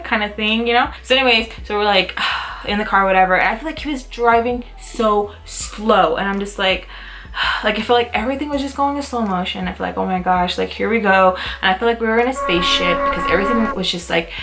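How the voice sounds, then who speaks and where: Young woman, vlogger, casual storytime, animated, lots of "like", acts out quotes, middle pitch. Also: fast. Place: Utah, United States.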